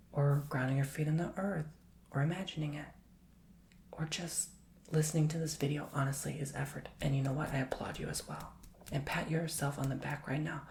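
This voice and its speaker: A man giving a soft-spoken, partly whispered ASMR tarot reading, talking gently and encouragingly and leading the listener through repeated affirmations. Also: a little high, gravelly, a little hiss or hum. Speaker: tarot reader.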